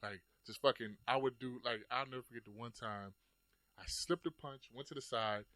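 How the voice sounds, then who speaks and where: A man's voice: mid-range voice, normal speed, dry recording. Swearing man telling a fight story. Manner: animated storytelling, acts out his own past lines, swears often. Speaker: host. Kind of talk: casual chat.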